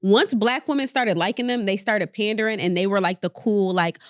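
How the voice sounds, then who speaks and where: A woman's voice: mid-range voice, normal speed, no echo, studio quality. A woman co-hosting a podcast, arguing her point bluntly and swearing freely in casual debate. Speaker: podcast co-host.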